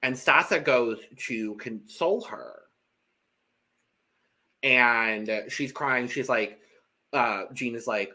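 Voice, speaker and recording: This co-host's medium-pitched voice comes slowly, with long pauses. He recaps a reality show on the podcast in casual chat, animatedly acting out what the contestants said.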